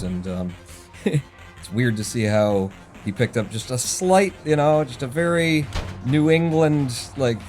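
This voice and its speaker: A man with a medium-pitched, somewhat dark voice streams a speedrun, swearing often and muttering a running commentary on his play to himself. Game music sits under his voice.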